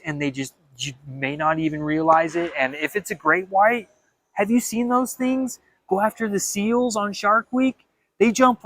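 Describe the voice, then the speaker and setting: A young man talking in a casual vlog monologue, animated and dramatic, with frequent stammered restarts. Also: a little high, no room sound. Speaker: vlogger.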